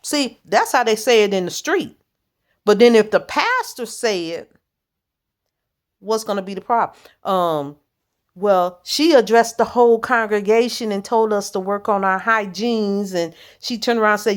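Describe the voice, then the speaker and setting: A woman's voice: a little high, normal speed. A woman church leader preaching informally in a blunt, direct, plain-spoken way.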